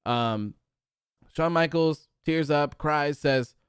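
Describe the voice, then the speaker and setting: A man with a somewhat high-pitched voice hosts a casual live stream, his talk loose and full of fillers as he reads chat comments aloud. His voice is smooth and clear, recorded close and dry with no room sound. He keeps spiraling into exasperated rants. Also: takes it slowly, dry recording. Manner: chatty, many fillers, builds into exasperated rants. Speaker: host of a wrestling post-show live stream.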